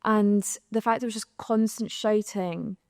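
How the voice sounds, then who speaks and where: Young Scottish woman, singer guest, animated candid storyteller; mellow tone, dry close sound. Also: mid-range voice, measured pace, no room sound. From Scotland. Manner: animated storytelling, acting out quoted exchanges. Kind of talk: candid panel conversation. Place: live podcast recording in an arts venue.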